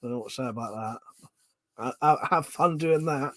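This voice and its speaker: A man's voice: medium pitch, normal speed, no echo. A man with a Home Counties English accent hosting a casual livestream, rambling through viewer comments, chuckling often and swearing now and then. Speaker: livestream host.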